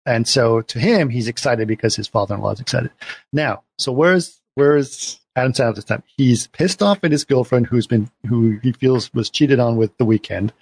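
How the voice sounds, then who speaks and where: A man's voice: mid-range voice, normal speed, gravelly, breathy edge, no room sound. A man in a casual film discussion, animatedly retelling scenes and acting out the characters' lines.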